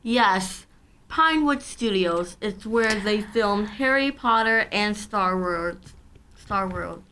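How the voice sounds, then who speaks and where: A woman's voice: medium pitch, animated, takes it slowly, bright, forceful tone, slight background noise. A woman co-hosting a casual chat, speaking hesitantly and unsure of her terms. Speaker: co-host.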